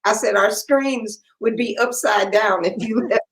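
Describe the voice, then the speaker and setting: A woman's voice: a little high, unhurried, fairly bright tone, rough recording. A woman chef hosting a casual livestream chat, playful and teasing, laughing easily. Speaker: chef and host.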